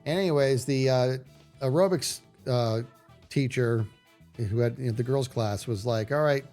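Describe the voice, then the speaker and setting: Animated, rambling male streamer. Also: medium pitch, measured pace, soft background music. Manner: animated, rambling with many restarts. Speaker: livestream host. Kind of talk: casual storytelling on a stream.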